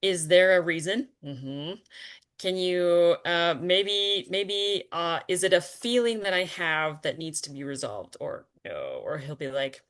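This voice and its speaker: A woman with a low voice guides a spiritual conversation. She talks in an earnest, animated way, laughing often and pausing on fillers. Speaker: spiritual teacher.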